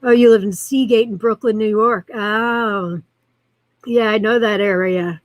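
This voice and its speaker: A woman's voice: mid-range voice, steady tone, a little slow, no echo, rough recording. A woman hosting a live-streamed show, chatting casually in a rambling way and reacting to viewer comments as she reads them aloud.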